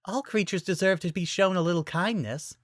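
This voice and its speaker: A reader voicing a timid, gentle young woman druid who talks softly and sweetly, in an audiobook-style fan reading. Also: medium pitch, fairly quick, no echo, clean studio sound, voice pushed up, natural voice.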